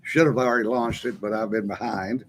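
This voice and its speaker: A man's voice: on the low side, steady tone, a little fast. Guy drawling through a story, laughs a lot, faint hum behind him. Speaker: co-host. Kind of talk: casual chat, reading live comments.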